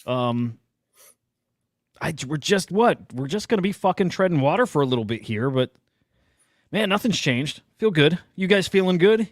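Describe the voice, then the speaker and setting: A man co-hosting a casual crypto chat show, excitable and swearing freely. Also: a little high, moderate pace, no echo, studio quality. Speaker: co-host.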